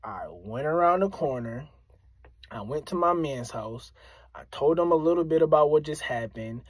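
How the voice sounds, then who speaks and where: Casting: male rapper from Springfield, animated story to camera, a bit high, no room sound. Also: normal speed, no room sound. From Springfield, Massachusetts, US. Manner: animated, addresses listeners directly, repeats phrases for emphasis. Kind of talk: casual storytelling to viewers.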